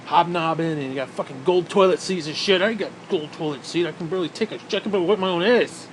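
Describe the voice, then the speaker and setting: Guy ranting to camera, cussing every other word, sarcastic, kinda high voice, faint hum behind. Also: fast. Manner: angry, swearing constantly, sarcastic. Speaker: vlogger. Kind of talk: profane ranting monologue.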